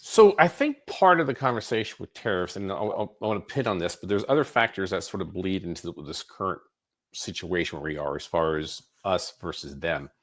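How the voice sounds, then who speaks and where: Man, podcast host, lowish voice, loose rambling questions. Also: animated, fairly quick. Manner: rambling, many fillers and restarts. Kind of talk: casual interview questions.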